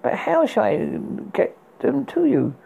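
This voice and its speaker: An arrogant, roguish young prince from a fairy tale, voiced by a man reading aloud. He barks commands haughtily in a gravelly, dark, husky voice. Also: extremely high pitch, wildly swooping pitch, measured pace, pitched above the performer's own voice, full character voice. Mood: commanding.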